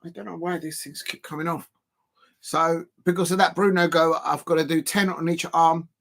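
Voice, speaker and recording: A man's voice: fairly high pitch, steady tone, moderate pace, creaky, a bit bright, a little hiss or hum. A man hosting a casual football watch-along, rambling and laughing while lifting weights. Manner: rambling and chatty, laughing often. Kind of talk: casual live-stream commentary.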